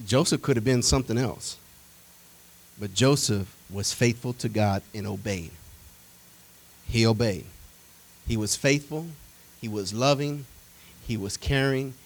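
This sermon comes from a man speaking at medium pitch, and the recording is rough. He talks to his congregation in a homey, conversational manner, lively and heavy on repetition and rhetorical questions.

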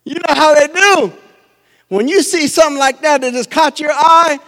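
A male preacher giving a fervent sermon, swinging from quiet asides to shouted peaks. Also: extremely high pitch, moderate pace, big-room sound.

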